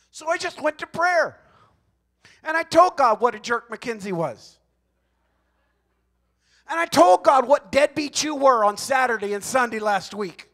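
A male pastor delivering a Pentecostal sermon in a conversational, folksy way, joking with the congregation and swinging between hushed asides and loud, emphatic shouts. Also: very high voice, animated, measured pace, long pauses.

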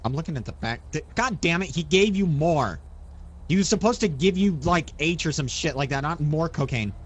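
A man's voice: fairly high pitch, lively intonation, normal speed, slightly rough, highs cut off. A man playing an exasperated young man minding his cousin in an improvised game role-play, flustered and coaxing.

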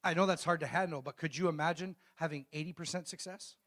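A middle-aged male pastor preaches a sermon in a voice a touch high for a man, fairly even in intonation and a bit bright. In call-and-response style, he poses questions to the congregation and waits for answers, then reads scripture slowly and emphatically, leaning hard on each phrase.

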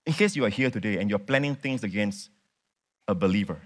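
A man preaching a sermon to a congregation, animated and emphatic, repeating words and putting questions to his listeners. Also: fairly low pitch, a little fast. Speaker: pastor.

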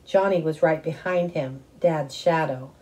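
Warm, low-voiced woman reading a story. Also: measured pace, low-quality recording. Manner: expressive first-person narration. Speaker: audiobook reader.

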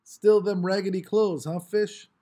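A man's voice: high voice, steady tone, measured pace, mellow. A man voicing a cocky, taunting teenage boy who talks in swaggering slang.

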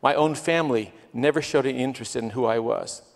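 A man's voice: medium pitch, quick pace, creaky. A man giving a missionary's testimony sermon, telling stories in an earnest way that swells with emotion. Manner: earnest storytelling, quoting people, swells with emotion. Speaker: guest missionary. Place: church sanctuary. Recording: long church reverb.

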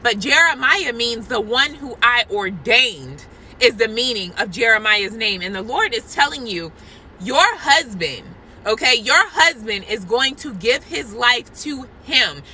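A woman's voice: on the high side, animated, unhurried, pushed and bright, poor audio. Woman giving a fervent prophetic word from a parking lot, earnest and repeating herself, faint outdoor noise behind. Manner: earnest, repetitive, talks straight to viewers as guys. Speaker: Christian vlogger sharing a prophetic word. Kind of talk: impassioned testimony and prophecy.

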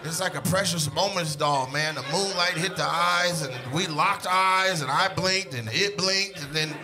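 A man in his thirties performs stand-up into a handheld mic on stage. His voice sits a bit high, and he tells the story in an animated way, dropping to a near whisper and then bursting into shouts. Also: normal speed, crowd noise. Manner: animated, swings from hushed to shouting. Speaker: stand-up comedian. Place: comedy stage before a live audience.

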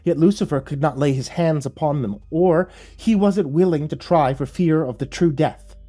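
A man voicing a gentle, sorrowful angel. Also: on the high side, slightly rough, faint music behind, voice pushed up. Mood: solemn, gentle. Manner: soft, solemn, slow and pleading. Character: gentle male angel messenger, sorrowful and patient.

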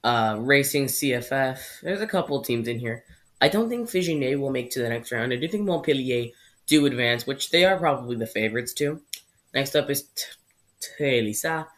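A man's voice: mid-range voice, lively intonation, normal speed, fairly bright tone. A young man from Canada hosting his own football vlog, chatting casually through his predictions and stumbling over names. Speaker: football channel host.

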